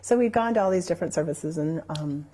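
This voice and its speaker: A woman's voice: fairly low pitch, quick pace. A woman, a church member, telling her own story unscripted, rambling along with lots of "you know" fillers. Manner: lively when recalling others' words.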